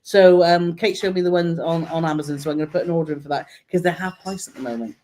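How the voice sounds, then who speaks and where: A woman from Britain co-hosting a casual travel live stream, chatty and quick to laugh as she reads out viewer comments. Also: lowish voice, warm tone, a little hiss or hum.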